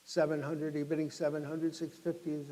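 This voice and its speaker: A middle-aged man working as an auctioneer, describing each lot and then calling bids in a rapid chant. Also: on the high side, level tone, warm tone, poor audio.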